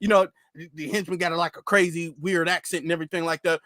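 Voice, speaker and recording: A man hosting a commentary channel, ranting in an animated, repetitive storytelling way. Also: on the high side, fast talker, dry recording, clean studio sound.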